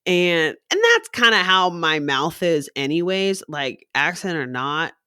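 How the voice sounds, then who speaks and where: A young woman rambles through a casual solo chat, her lowish voice swinging widely up and down. She swears freely and laughs a lot between thoughts, recorded close and dry with no room sound. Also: animated, unhurried, bright, forceful tone, smooth, no room sound. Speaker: coffee shop worker.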